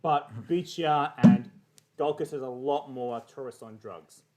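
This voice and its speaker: A man's voice: medium pitch, measured pace, darkish tone, soft background music. A man from Australia co-hosting a livestream, bantering casually, teasing the host and patiently explaining things.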